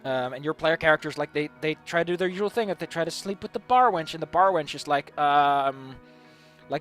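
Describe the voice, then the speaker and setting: A man's voice: fairly high pitch, animated, a little fast, fairly bright tone, faint music behind. A man musing aloud in a casual, rambling monologue about tabletop game ideas, stumbling over repeated words as he goes. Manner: rambling, many repeated restarts. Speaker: tabletop game video host.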